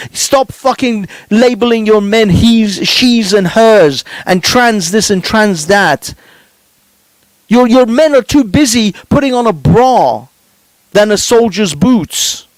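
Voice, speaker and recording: A man's voice: high voice, dry recording. A male podcast host giving fervent, preachy commentary, swearing and repeating words for emphasis.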